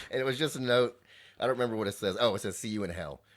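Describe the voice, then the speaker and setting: A man with a fairly low voice chats about a TV show on a podcast. He retells scenes in quoted lines and laughs easily along the way. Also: quick pace. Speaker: podcast co-host. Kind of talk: casual chat about a TV show.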